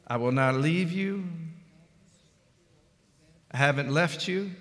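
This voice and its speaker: A man preaching a sermon to his congregation, fervent, swinging between loud and soft and calling out to the people in the pews. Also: fairly high pitch, lively intonation, slow, long pauses. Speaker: pastor. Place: church hall. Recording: echoey church hall.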